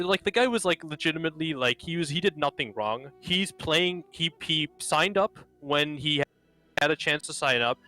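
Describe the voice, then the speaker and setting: A man's voice: on the high side, pushed and bright. A young man rambling through casual post-game talk as a co-caster, filling his sentences with "like". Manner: rambling, heavy use of "like".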